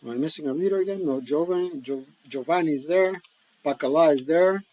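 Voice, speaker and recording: A man's voice: a little high, brisk, dark tone, low-quality recording. A man casually talking through a solo board wargame, joking and rambling with folksy asides. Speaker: board wargame player and host. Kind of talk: casual solo-play commentary.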